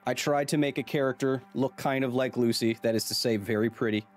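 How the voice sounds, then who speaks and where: A playful man hosting a live game stream, cracking jokes and chatting with his viewers. His voice sits at a middle pitch, and faint music plays underneath. He sounds casual and loose, like he's in his thirties. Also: steady tone, fairly quick. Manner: playful, jokey, reads chat aloud. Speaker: streamer, science communicator.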